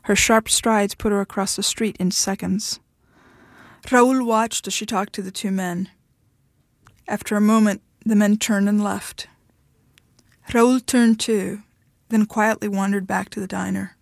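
A woman author reading her short fiction aloud in a measured storytelling manner. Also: medium pitch, steady tone, gravelly, dry recording, studio quality.

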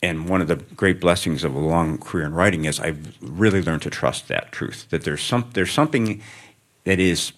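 Very deep-voiced man musing on stage. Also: moderate pace, a bit bright. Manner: thoughtful, rambling, frequent restarts. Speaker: author. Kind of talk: live on-stage interview. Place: stage before student audience.

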